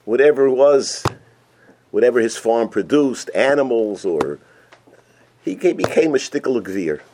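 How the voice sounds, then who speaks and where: A man telling a folk tale in a sermon, animated and full of Yiddish and Hebrew terms. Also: medium pitch, measured pace, a little hiss or hum. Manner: animated storyteller, acts out characters, sprinkles Yiddish and Hebrew terms. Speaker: rabbi teaching a weekly Torah portion. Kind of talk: storytelling sermon.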